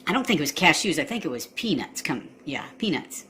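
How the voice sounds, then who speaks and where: A woman doing a mumbling, deadpan husband. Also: on the low side, normal speed, slight background noise, voice pushed down. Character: sluggish mumbling husband, middle-aged man.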